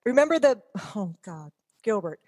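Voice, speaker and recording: A woman's voice: medium pitch, sing-song, normal speed, darkish tone. A woman in her fifties, a guest telling rambling, profane, self-mocking stories in casual chat.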